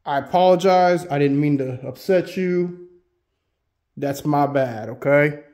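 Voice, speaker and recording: A man with a slightly high voice hosts a solo ghost-hunting vlog. He talks casually and keeps putting questions to the spirits. The sound rings around an old schoolhouse room. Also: a little slow, darkish tone. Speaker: solo ghost hunter host. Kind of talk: paranormal investigation vlog. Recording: echoey room.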